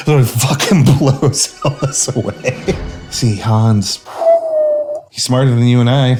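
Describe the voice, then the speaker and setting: A man's voice: mid-range voice, takes it slowly, a little mellow. Giggly tipsy man rambling through a story. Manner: laughing, rambling, slurring asides. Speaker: narrator. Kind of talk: tipsy comic retelling of a film.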